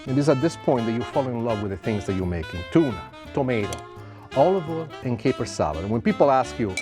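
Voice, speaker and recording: A man's voice: mid-range voice, big pitch swings, fast, music in the background. A middle-aged man hosting a cooking show, talking the viewer through a dish in a theatrical, self-amused way and drawing out his words. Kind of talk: cooking demonstration to camera.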